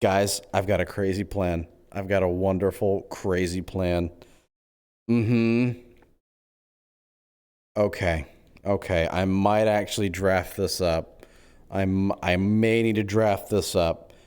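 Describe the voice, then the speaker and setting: A man streaming in-character role-play chat, excitable and scheming, cracking quick jokes. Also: low voice, clear, resonant tone.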